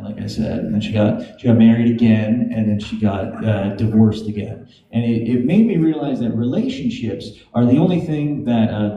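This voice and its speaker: A man's voice: mid-range voice, lo-fi sound. A man doing a stand-up comedy set, loose and joking, working the crowd with laughing asides. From Greek heritage. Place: comedy club stage. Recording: echoey club with audience.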